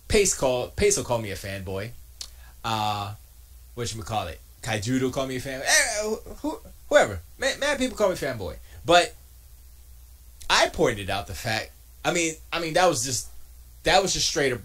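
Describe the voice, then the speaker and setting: A man rants casually from his home studio, his voice at a middle pitch but swinging widely up and down. He restarts his sentences often and drops mocking asides as he goes. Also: a bit bright. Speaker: streamer and podcast host. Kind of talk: casual rambling commentary.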